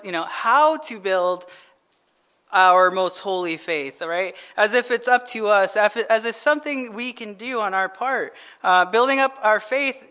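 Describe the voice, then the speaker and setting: Male pastor with a high voice, easygoing midweek sermon, keeps checking in with the room. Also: sharp tone, clean tone. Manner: conversational, asks the audience rhetorical questions; chuckles while telling stories. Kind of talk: midweek Bible-study sermon.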